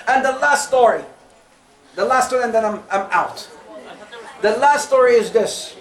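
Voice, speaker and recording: A man giving a lively youth talk, acting out the quotes in his stories and joking with his audience. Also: extremely high pitch, moderate pace, crowd noise. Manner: animated, acts out quotes, jokes with audience. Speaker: youth program speaker. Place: community center hall. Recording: echoey room mic from a distance.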